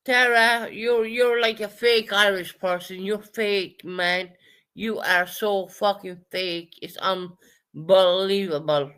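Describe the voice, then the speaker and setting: A woman's voice: mid-range voice, fairly even intonation, slow pace, fairly bright tone, clean tone. A woman ranting on a livestream, swearing heavily, repeating herself, and calling out chat viewers by name. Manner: profane, heated and repetitive. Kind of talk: angry livestream rant.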